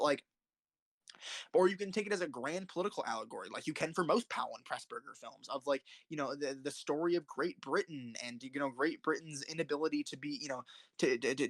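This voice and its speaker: Young male host, fast and heated, raving and cursing over favorite films; dry, close recording. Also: a little high, fairly bright tone, dry recording. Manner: rambling, passionate, swears often. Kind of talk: casual film commentary.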